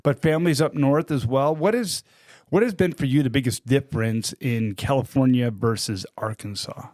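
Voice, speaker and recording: A man from Chicago with a faint Chicago accent, co-hosting a casual podcast chat, laughing often and teasing, halting with fillers. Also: medium pitch, a little mellow, dry recording, clean studio sound. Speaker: podcast co-host.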